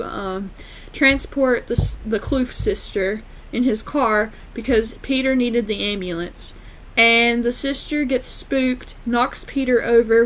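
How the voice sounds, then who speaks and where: A woman casually recapping a TV episode, retelling scenes with quick quoted lines and frequent fillers. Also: fairly high pitch, rough recording. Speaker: TV episode reviewer.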